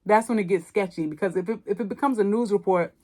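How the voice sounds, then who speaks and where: A woman's voice: mid-range voice, quick pace. A woman hosting a podcast, recapping and roasting a movie in a blunt, casual way, full of slang and swearing. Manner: blunt, animated storytelling with slang and profanity. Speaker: podcast host. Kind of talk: casual movie review chat.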